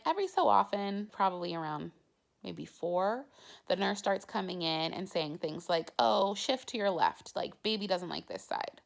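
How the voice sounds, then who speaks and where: A young woman vlogger tells a personal story in a casual, chatty way, dropping "like" into nearly every sentence. Her voice is mid-range and creaky.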